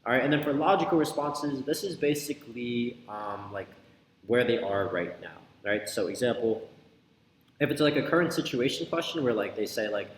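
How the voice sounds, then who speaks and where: A man's voice: medium pitch, lively intonation, normal speed. A man coaching on sales in a loose, conversational way, peppering his talk with "like" and "right?". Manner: filler-heavy, loose and conversational, repeats "like" and "right?". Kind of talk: casual teaching talk. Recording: echoey hall with faint ambient noise.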